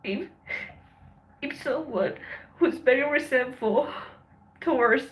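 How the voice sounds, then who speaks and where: A woman hosting a livestream, talking in a halting, emotional way with lots of swearing and a voice that breaks with tears. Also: high-pitched, a little hiss or hum, poor audio. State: tearful. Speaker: livestream host. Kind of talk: emotional casual livestream chat.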